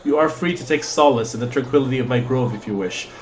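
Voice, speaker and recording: A man reading a gentle, wise old male druid from a game, calm and solemn. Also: mid-range voice, fast, close to an everyday voice. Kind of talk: reading game dialogue aloud.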